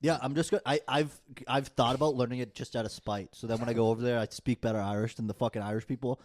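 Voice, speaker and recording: A man's voice: medium pitch, steady tone, fast talker, a little mellow. A man, co-hosting a casual podcast chat and ranting heatedly with plenty of swearing. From United States. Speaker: podcast co-host.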